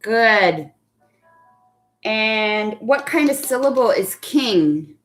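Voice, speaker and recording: A young adult woman teacher leading a live online phonics lesson, patiently praising children by name and spelling out words deliberately. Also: on the high side, animated.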